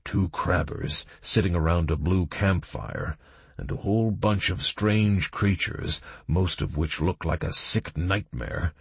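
A man doing a hoarse gruff dwarf. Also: low voice, a little slow, dry recording, exaggerated voice. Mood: wary.

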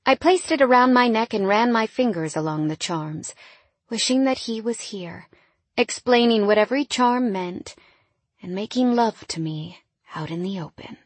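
Husky woman narrating a romance. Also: fairly high pitch, lively intonation, normal speed, no echo. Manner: intimate, often dropping quiet and wistful. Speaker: audiobook narrator. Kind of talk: first-person romance narration.

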